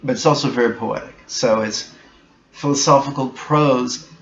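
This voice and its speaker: A man giving a reflective spiritual talk as a meditation teacher, slow, deliberate and bluntly emphatic. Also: medium pitch. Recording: echoey room, dull sound, faint hiss.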